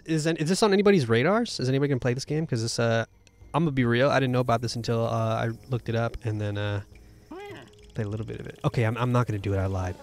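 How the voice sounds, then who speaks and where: A man giving casual, jokey commentary while playing a video game, often breaking into excited exclamations. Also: medium pitch.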